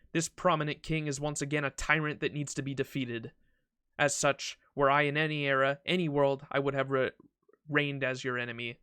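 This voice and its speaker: A man's voice: mid-range voice, bright, forceful tone, clear, resonant tone, dry recording, clean studio sound, natural voice. Ozymandias, a pompous pharaoh read by a man. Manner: pompous, regal and mocking. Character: arrogant ancient Egyptian pharaoh king.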